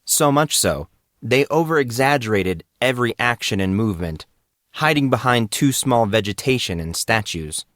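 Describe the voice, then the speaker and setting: A man narrating an audiobook in a steady, measured reading voice. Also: medium pitch, no echo, studio quality.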